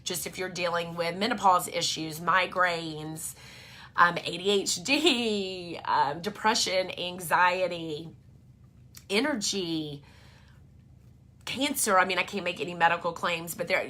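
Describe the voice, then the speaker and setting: A woman's voice: on the low side, measured pace, bright, forceful tone. A woman, chatting to camera about her family in a rambling, filler-heavy way. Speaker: vlogger and mom. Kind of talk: casual storytelling to camera.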